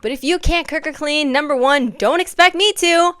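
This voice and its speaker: A young woman chatting casually on her vlog, swinging from hushed asides to dramatic near-yelling. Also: sits high, normal speed, dry recording. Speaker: vlogger. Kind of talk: casual chat.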